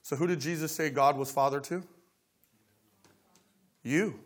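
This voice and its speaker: A man preaching a sermon, telling stories and acting out scripture dialogue, dropping to quiet asides between loud exclaimed lines. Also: fairly high pitch, a little slow. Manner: storytelling, swings from soft asides to loud dramatic quotes; acts out dialogue of scripture characters. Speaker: pastor.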